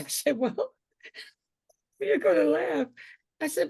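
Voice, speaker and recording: An older woman telling lively stories as an alumna panelist on a video call. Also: sits high, a little slow, creaky, long pauses, no room sound. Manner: lively, animated storyteller.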